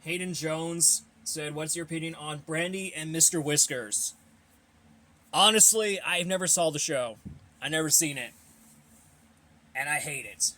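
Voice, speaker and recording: A young man with a bright, fairly high voice runs a casual Q&A and reads out viewer questions. He rambles, repeats himself and gives blunt opinions, sounding a little out of breath. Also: measured pace, pauses often. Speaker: host of a fan Q&A channel.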